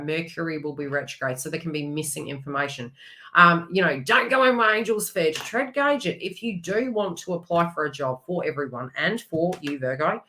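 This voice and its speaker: Bright-voiced woman giving an astrology forecast. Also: on the low side. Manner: chatty, rambling, animated asides. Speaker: astrology reader.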